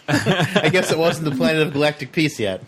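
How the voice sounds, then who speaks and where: A man's voice: on the high side, moderate pace. Upbeat man host asking questions. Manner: upbeat, enthusiastic reactions. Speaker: podcast host. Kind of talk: casual podcast interview.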